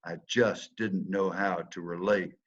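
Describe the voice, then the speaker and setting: Older Southern man, low-voiced storyteller; big swings from loud to near-whisper, dull lo-fi sound. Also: fairly even intonation, measured pace, breathy edge. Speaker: speaker telling a personal story. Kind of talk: storytelling talk.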